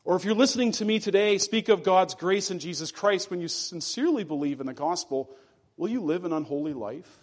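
A man preaching a sermon in a fairly high voice. He is earnest and deliberate, and he slows down and sinks his voice low to press home each key phrase. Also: expressive. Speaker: pastor.

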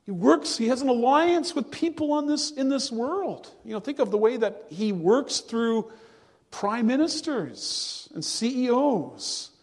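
A man delivers a sermon in a slow, measured way, leaning on key words. His voice sits high for a man. The church around him carries a long, ringing reverb. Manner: earnest, measured preaching with slow, drawn-out emphasis. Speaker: pastor.

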